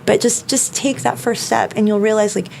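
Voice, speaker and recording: With a creaky, darkish mid-range voice held steady at normal speed, a woman who teaches self-defense chats on a podcast, peppering her talk with "like" and "you know." Some slight hiss or hum is audible.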